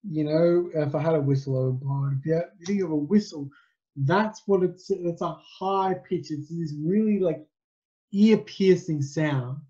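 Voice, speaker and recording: A man delivers a physics lesson at an unhurried pace, wandering through his explanations with ums and restarts. His voice is mellow and relaxed. The recording sounds dull and lo-fi. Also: on the high side. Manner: conversational, rambling explanations with fillers. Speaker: physics teacher. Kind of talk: recorded classroom lecture.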